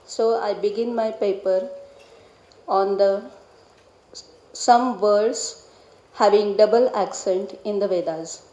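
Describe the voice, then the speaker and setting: A middle-aged woman with an Indian English accent presenting an academic paper, measured and explanatory, stressing key syllables. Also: mid-range voice, warm tone. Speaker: Vedic researcher presenting a paper. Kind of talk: academic lecture. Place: lecture hall. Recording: echoey hall.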